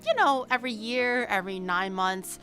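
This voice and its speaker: A woman streamer chatting casually and telling stories in an animated way, laughing often. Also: mid-range voice, moderate pace. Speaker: VTuber streamer.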